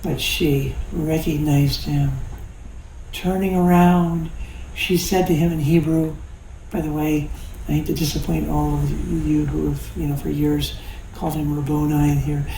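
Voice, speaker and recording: A man's voice: on the high side, little pitch movement, measured pace, creaky, mellow, slight background noise. A pastor in his sixties preaching a sermon in a folksy, conversational way, with jokes and laughter. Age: 60s. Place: church sanctuary. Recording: echoey church hall.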